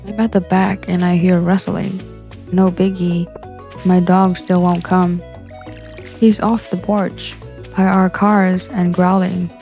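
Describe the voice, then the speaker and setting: A woman narrating stories in a calm, soft, even bedtime reading style. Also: fairly low pitch, vocal fry. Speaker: story narrator.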